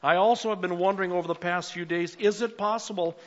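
An older man preaching a sermon as pastor, swinging between emphatic calls and quiet asides. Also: high-pitched, steady tone, quick pace, highs cut off.

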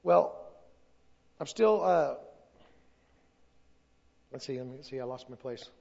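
A man's voice: medium pitch, lively intonation, slow, vocal fry, a little mellow, dull audio. A middle-aged man giving a personal testimony at a church service, earnest and emotional, sometimes losing his place.

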